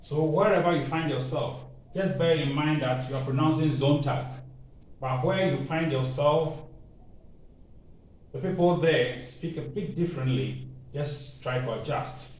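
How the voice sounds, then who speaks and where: A man with a Ghanaian English accent teaching a language lesson, patiently repeating words slowly for learners. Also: medium pitch, darkish tone, a little hiss or hum. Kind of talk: slow spoken language lesson. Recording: echoey room, mic far off.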